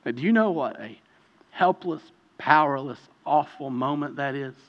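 A man's voice: a little high, normal speed. A man preaching a sermon as a pastor, telling a personal story and building to impassioned preaching. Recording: reverberant hall, dull lo-fi sound.

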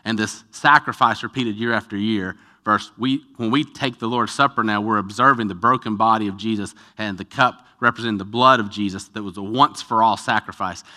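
A man's voice: lowish voice, pushed and bright. A man, a pastor, answering a congregation question in an earnest, emphatic sermon style. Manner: earnest, builds in energy, emphatic repetition. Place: church with live stream.

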